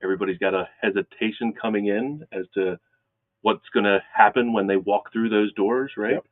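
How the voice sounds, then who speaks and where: A man's voice: on the low side, fairly even intonation, moderate pace, no room sound. A man in his forties co-hosting a casual business chat, agreeable and playing along with jokes. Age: 40s. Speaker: mattress store salesman co-hosting. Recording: dry, phone-like narrow sound.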